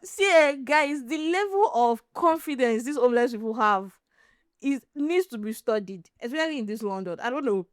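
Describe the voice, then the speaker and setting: A Nigerian woman hosting a podcast, chatting casually as an animated, laughing storyteller. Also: a little high, moderate pace, clean tone, no echo, clean studio sound. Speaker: podcast host. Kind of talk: casual chat.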